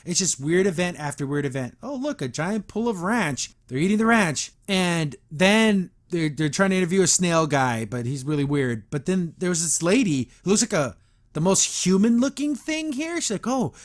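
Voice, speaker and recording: A man's voice: high voice, expressive, normal speed. A man hosting a podcast, recapping a show episode in a rambling, exasperated, casual way with many fillers and restarts. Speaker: podcast host.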